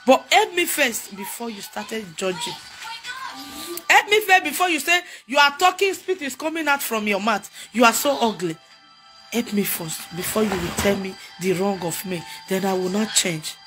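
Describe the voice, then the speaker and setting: A woman's voice: medium pitch, animated, normal speed. A young woman with a Nigerian accent, crying as she makes a repetitive, emotional plea for help as a mother. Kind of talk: tearful public appeal. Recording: loud music behind voice. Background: music.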